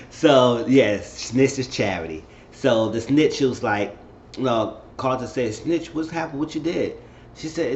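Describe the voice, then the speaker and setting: A man giving a casual, animated recap of a TV episode, retelling scenes and acting out the characters' lines with laughs along the way. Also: fairly low pitch, a little hiss or hum. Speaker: show recap vlogger. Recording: roomy dull home recording with faint ambience.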